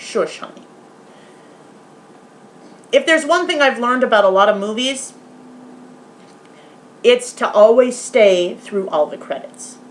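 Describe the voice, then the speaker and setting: A woman in a casual vlog, retelling a horror film's ending in animated detail, swearing often and now and then softly talking aside to her pet. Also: a little high, measured pace, pauses often, a little hiss or hum. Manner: animated, swearing, retelling scenes with quoted voices. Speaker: vlogger. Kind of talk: casual movie review vlog.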